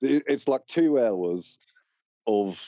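A man's voice: mid-range voice, expressive, slow, mellow, no room sound, muffled recording. A man, a guest on a podcast, ranting bluntly and swearing in casual chat.

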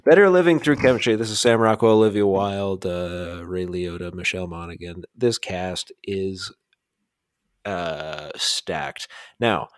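A man co-hosting a podcast, chatting casually in a slow, rambling, self-deprecating way. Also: deep voice, steady tone, no echo, studio quality. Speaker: podcast co-host.

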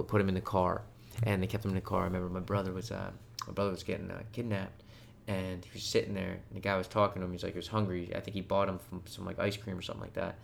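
A man in casual chat, telling stories loosely and profanely, with bursts of loud joking. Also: low-pitched, gravelly, slight background noise.

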